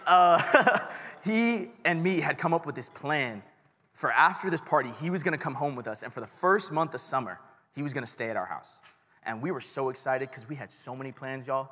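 A man's voice: a little high, pushed and bright. Casual young man preaching in a hall. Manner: casual and self-deprecating, addresses the crowd directly. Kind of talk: sermon with personal story. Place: large church hall. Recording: long church hall reverb.

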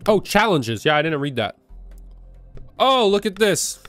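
A man giving live commentary as he plays a horror game. He is jumpy and nervous, repeats words in quick bursts and begs the game's enemies to go away. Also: high voice, big pitch swings, fairly bright tone, faint music behind. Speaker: gaming video creator. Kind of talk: live let's-play commentary.

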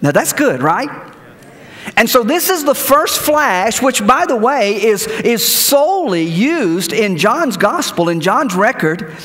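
High, lively-voiced male pastor preaching. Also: slow, long reverb tail. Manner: animated preaching with repeated words and rhetorical questions. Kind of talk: sermon. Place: church sanctuary.

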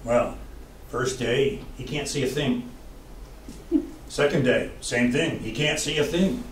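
A man's voice: mid-range voice, slow, slight background noise. Man lecturing, college professor, dry wry delivery, echoey lecture hall, distant mic. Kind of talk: humorous public lecture.

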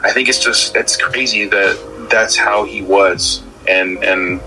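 A low-voiced man with a bright, forceful tone, chatting loosely on a podcast about a movie. He restarts often and stammers through his thoughts, with faint music behind him. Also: fairly even intonation, slow, low-quality recording. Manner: rambling, stammering, many restarts. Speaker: podcast co-host. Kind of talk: casual film-discussion chat.

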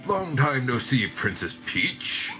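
A man's voice: mid-range voice, sing-song, slow pace, bright, forceful tone, pitched above the performer's own voice, full character voice. A man hamming up a gloating video game villain king. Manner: hammy, gloating villain taunts. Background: game music.

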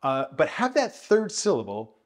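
A man teaching jazz bass in a video lesson, explaining thoughtfully with many hedges and counting and scatting rhythms aloud. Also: huge pitch swings, moderate pace. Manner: thoughtful, hedging explanations with frequent "I think".

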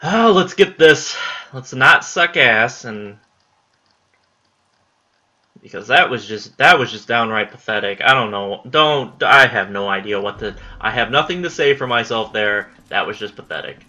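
A man's voice: fairly low pitch, expressive, moderate pace, pushed and bright, muffled recording. A young man giving casual commentary on his own gameplay, frustrated, swearing and muttering at the enemy.

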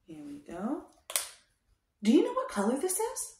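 A young woman hosting a toddler show, talking in a slow, exaggerated sing-song way to teach small children. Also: fairly high pitch, wildly swooping pitch, warm tone, a little hiss or hum. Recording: roomy echo.

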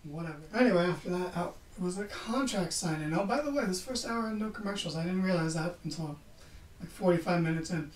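A man's voice: sits high, lively intonation, brisk, slight background noise. A man hosting a podcast, giving a casual, sarcastic wrestling recap and swearing freely. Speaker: podcast host. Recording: roomy, distant from the mic.

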